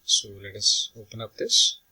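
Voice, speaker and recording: A man giving a slow, step-by-step software tutorial, walking through each action on screen. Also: lowish voice, sing-song, noisy background.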